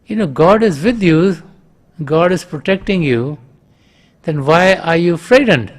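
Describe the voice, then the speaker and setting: A man's voice: fairly high pitch, fairly even intonation, normal speed, a little mellow, slightly rough. A man doing a loving father calling out reassurance. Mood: reassuring. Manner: calling out reassuringly from another room.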